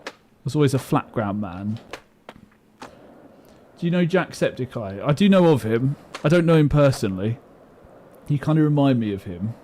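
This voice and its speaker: A man's voice: fairly high pitch, mellow, slight background noise. A man streaming a game and chatting casually, rambling and poking fun at himself. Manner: rambling, self-mocking, chatty. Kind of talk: casual live-stream chat while gaming.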